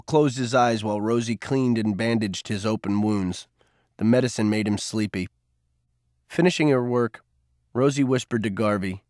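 An audiobook narrator reads a novel in a fairly low, even, steady voice at a moderate pace. The scripted narration is recorded in clean studio sound with no room noise.

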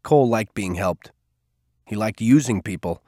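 A man narrating a novel in an even, steady storytelling voice. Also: fairly low pitch, normal speed, no room sound, studio quality. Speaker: audiobook narrator. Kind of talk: scripted narration.

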